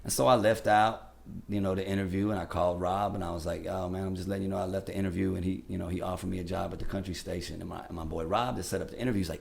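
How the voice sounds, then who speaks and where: Radio DJ man, podcast guest; low creaky voice, quick delivery, plays out every character in his anecdotes. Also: a little hiss or hum. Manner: animated, acts out the people in his stories. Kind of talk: casual storytelling.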